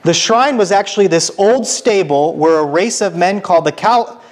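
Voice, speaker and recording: A man's voice: sits high, moderate pace. Casual male church lecturer. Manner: informal, self-correcting, asks the audience. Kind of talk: casual lecture with reading aloud. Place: church hall.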